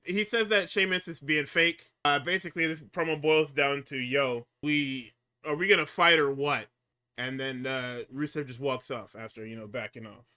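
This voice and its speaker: A man co-hosting a casual, profane talk show, recapping wrestling and swinging between hyped outbursts and low muttering. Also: moderate pace, bright, forceful tone, clear, resonant tone. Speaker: podcast co-host recapping wrestling.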